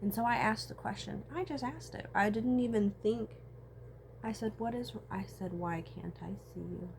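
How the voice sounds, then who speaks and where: A woman's voice: a little high, moderate pace, a little hiss or hum. A woman, talking in a casual, profane personal monologue. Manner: casual, profane, animated storytelling with frequent laughs.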